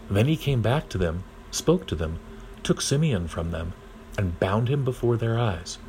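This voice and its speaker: Low-voiced man reading scripture. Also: darkish tone, slight background noise, poor audio. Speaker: reader.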